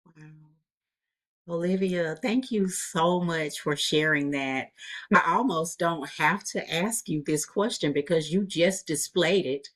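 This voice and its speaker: A woman's voice: lowish voice, slow, a bit bright. A woman hosting a podcast interview, asking her guest questions in an encouraging way. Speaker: podcast host.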